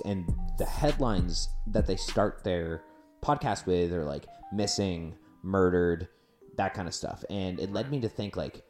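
A man's voice: low-pitched, a little mellow. A young Canadian man hosting a podcast, telling rambling stories in casual chat and laughing often. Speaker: podcast host.

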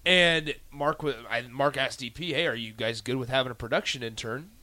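A man's voice: mid-range voice, fairly quick, sharp tone, no echo. Young man rambling through a story. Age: young adult. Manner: rambling storyteller, restarts sentences. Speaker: radio show producer. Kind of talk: casual sports radio banter.

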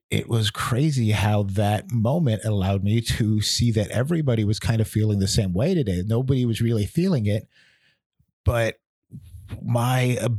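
A man in his thirties hosting a podcast, talking through a personal reflection in a candid, halting way, often restarting and repeating words. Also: on the low side, darkish tone, dry recording, clean studio sound. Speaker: podcast host.

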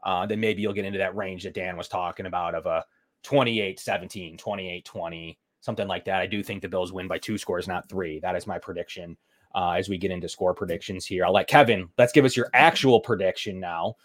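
A man with a fairly low voice co-hosts a sports podcast. He talks through his game prediction in a loose, casual way, full of ums and likes. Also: fairly even intonation, brisk. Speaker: podcast co-host.

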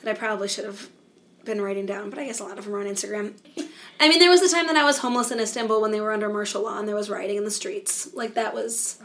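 A woman missionary being interviewed, telling stories in an animated way with lots of "like" and acted-out dialogue. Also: medium pitch, rapid-fire. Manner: animated storyteller, many "like"s, acts out dialogue. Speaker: missionary guest. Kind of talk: conversational interview.

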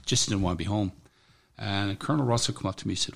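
Blunt gravelly veteran man. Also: lowish voice, fairly bright tone. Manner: blunt, profane, halting. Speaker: military veteran guest. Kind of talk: personal account in an interview.

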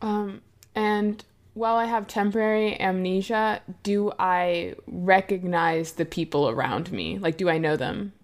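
A woman playing a tabletop game, speaking hesitantly and calmly. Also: mid-range voice. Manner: slow, hesitant, calming. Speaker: player. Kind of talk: tabletop role-play.

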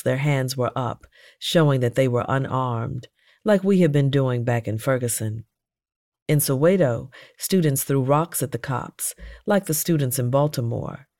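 A narrator reads a first-person memoir in a measured, earnest voice. The voice sits at an ordinary middle pitch. It is recorded close and dry, with no room sound around it. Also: darkish tone, no room sound.

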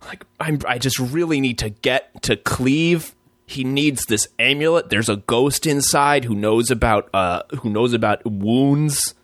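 A man voicing a gruff but soft-hearted male barbarian adventurer who rambles and pleads. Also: mid-range voice, no room sound, studio quality, lightly acted.

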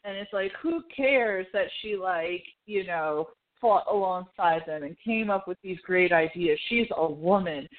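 Emotional, animated woman on a tinny line. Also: lowish voice, unhurried. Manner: animated, emotional, laughs often, acts out lines. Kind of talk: casual chat about a film. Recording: tinny phone-like sound.

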